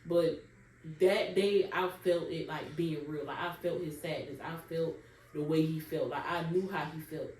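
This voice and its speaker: A woman's voice: sits low, fairly even intonation, measured pace, darkish tone. A young woman tells her own birth story to viewers in a casual, emotional way and keeps calling them y'all. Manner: addresses viewers as y'all often, casual Southern US dialect. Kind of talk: emotional personal storytelling to camera. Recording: roomy sound from a distance with faint background noise.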